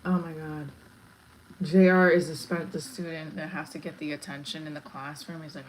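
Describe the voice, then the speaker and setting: A woman's voice: low voice, steady tone, moderate pace, a little hiss or hum, low-quality recording. A woman comedian chatting casually on a live stream, rambling from one thought to the next. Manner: chatty, rambling, breaks into song.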